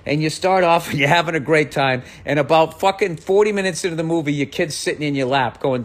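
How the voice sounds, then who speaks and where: A man's voice: fairly high pitch, fairly quick. A man talking on a podcast, ranting with exasperation and profanity, voice swinging up and down. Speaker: comedian. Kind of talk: podcast rant.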